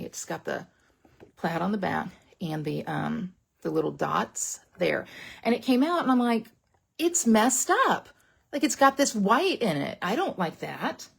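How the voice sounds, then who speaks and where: A middle-aged woman chatting excitedly through a card-making demonstration, talking straight to her viewers. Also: lowish voice, vocal fry, slightly rough. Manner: bubbly, chatty, exclamatory, talks straight to viewers. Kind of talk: casual craft demonstration, live stream.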